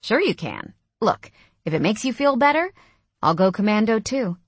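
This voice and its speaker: A woman's voice: medium pitch, big pitch swings, moderate pace, no echo. A woman voicing a playful, teasing young man in an audiobook. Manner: teasing, easygoing.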